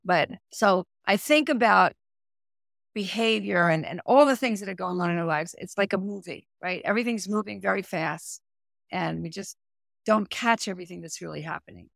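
Gravelly woman coach explaining calmly. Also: mid-range voice, moderate pace, dry recording, studio quality. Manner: animated, explanatory, talks with her hands. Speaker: executive performance coach and therapist. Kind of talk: podcast interview, explaining. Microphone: remote audio, no camera.

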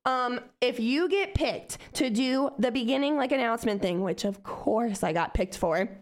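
A woman's voice: on the high side, lively intonation, moderate pace. Young woman telling a profane story. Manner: profane, rambling, lots of "like" and "um". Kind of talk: casual anecdote to camera.

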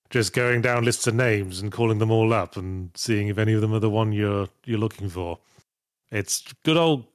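A man's voice: medium pitch, no room sound. A man hosting a casual podcast, reading out viewer messages with dry, sardonic asides. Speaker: podcast host reading superchats. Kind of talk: casual chat.

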